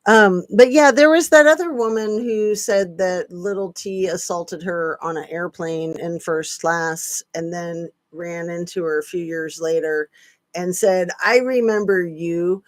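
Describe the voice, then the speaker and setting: A woman's voice: on the low side, steady tone, unhurried, no echo. A woman hosting a casual live-stream chat, chatty with sarcastic asides. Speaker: channel host.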